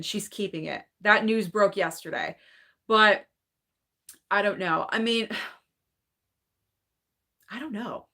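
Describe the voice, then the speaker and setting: Bright-voiced chatty woman host. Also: mid-range voice. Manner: chatty, hedging, lots of "like" and "I don't know"; opinionated and animated, quick laughs. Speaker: movie channel host reading live chat. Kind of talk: casual live-stream chat.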